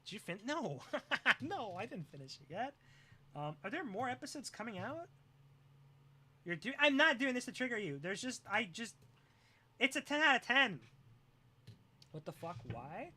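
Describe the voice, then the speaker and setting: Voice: medium pitch, very animated, moderate pace, pauses often, bright, forceful tone, breathy edge. A live streamer chatting casually with viewers, joking, teasing and often breaking into laughter.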